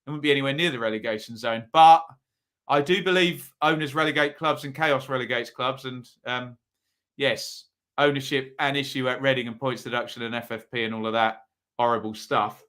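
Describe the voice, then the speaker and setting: A man's voice: mid-range voice, fairly even intonation, brisk, fairly bright tone. A man hosting a live football watchalong stream, chatting to his viewers and tossing out tag questions.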